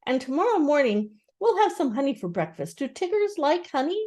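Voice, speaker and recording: A woman voicing a gentle, simple-minded male bear in a storybook reading. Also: high-pitched, sing-song, fairly quick, voice pushed up.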